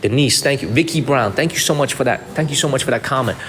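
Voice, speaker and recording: Speaking fast in a mid-range voice, a man live-streams his tour of a historic mausoleum site outdoors, chatting away, saying things twice and naming viewers to thank them. The sound suggests a large hall, with crowd noise around him.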